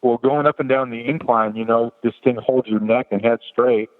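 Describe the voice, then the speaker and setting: A man, a podcast guest, telling a personal story in a lively way and jumping higher in pitch to act out the people in it. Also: normal speed. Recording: tinny phone-like line with long reverb.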